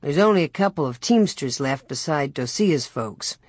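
A woman reading a classic children's story aloud in a steady, unhurried narration. Her voice sits low and a little husky, recorded close and dry with no room around it. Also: no room sound. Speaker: audiobook narrator. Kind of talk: scripted narration of a children's novel.

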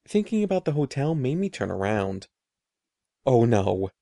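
A man reading a children's story aloud in an expressive, animated way. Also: a little high, brisk, vocal fry, no room sound, clean studio sound. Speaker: narrator.

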